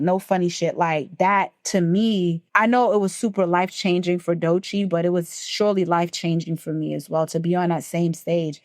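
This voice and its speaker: A woman's voice: on the low side, dry recording, clean studio sound. A woman talking emphatically and emotionally as a podcast co-host, full of profanity. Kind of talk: casual chat.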